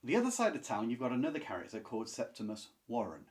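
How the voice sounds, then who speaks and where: A man's voice: mid-range voice, wildly swooping pitch, fast. A man reviewing classic books to camera in a casual, enthusiastic, chatty way, with asides and restarts. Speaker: book reviewer.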